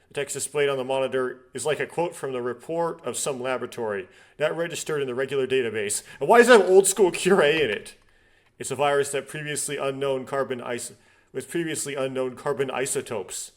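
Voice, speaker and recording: A man's voice: medium pitch, a little fast. A young man reading a visual novel's text aloud and breaking off into rambling, nitpicking asides. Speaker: let's play host.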